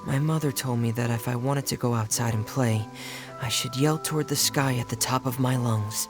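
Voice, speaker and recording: A man's voice: mid-range voice, moderate pace, natural voice. A man voicing a shy, introverted young diver who speaks hesitantly and glumly, in a video game. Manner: hesitant, soft-spoken, glum. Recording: game audio over music.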